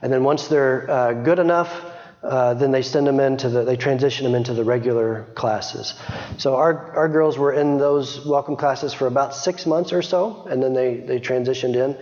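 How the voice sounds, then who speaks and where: A man's voice: medium pitch, normal speed, a little mellow. A middle-aged man giving an informal missionary report to a church, chatty, with frequent restarts. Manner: chatty, many restarts and small laughs. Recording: dull sound, long hall reverb.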